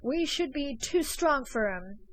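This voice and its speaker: A woman playing a pleading young smuggler gentleman. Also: high-pitched, expressive, unhurried, slight background noise, pitched above the performer's own voice, low-quality recording. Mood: excited. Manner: urgent, pleading.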